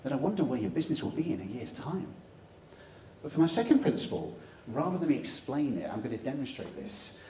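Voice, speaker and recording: A man's voice: medium pitch, mellow, a little hiss or hum. A young man giving a jokey motivational stage talk, leading the audience in chants and magic tricks. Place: conference hall stage. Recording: echoey hall, distant mic, faint ambience.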